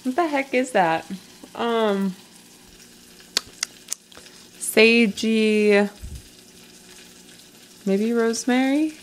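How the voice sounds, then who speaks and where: A woman's voice: a little high, slight background noise, rough recording. A woman behind the camera in a home kitchen, musing casually as she searches for a flavor. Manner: slow, musing, searching for words. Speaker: camera operator. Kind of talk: casual chat.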